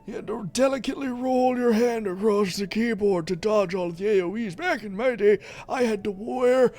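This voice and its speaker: A man voicing a grumbling old man who rambles and complains in a drawn-out way. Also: sits high, a little mellow, voice pushed up, natural voice. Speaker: streamer.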